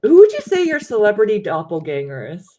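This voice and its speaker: A woman hosting a casual livestream chat, playful and quick to giggle. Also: mid-range voice, huge pitch swings, warm tone, a little hiss or hum. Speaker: host.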